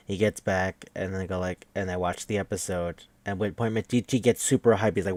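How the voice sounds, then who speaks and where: A man's voice: deep voice, steady tone, brisk, hardly any pauses, a little mellow, no echo. A man hosting a podcast, giving a casual, rambling, profane recap of an anime with wry asides. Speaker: podcast host.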